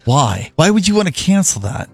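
A man's voice: fairly high pitch, very animated, moderate pace, vocal fry, breathy edge, no echo, soft background music. A man co-hosting a Christian radio talk show, backing his co-host with short encouraging replies. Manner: encouraging, brief affirming interjections.

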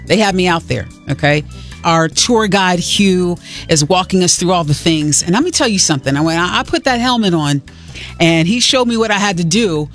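A woman sharing a personal story in a sermon, talking conversationally and jumping up in pitch when she gets excited. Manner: lively, conversational storyteller with sudden high exclamations. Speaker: speaker sharing a faith story.

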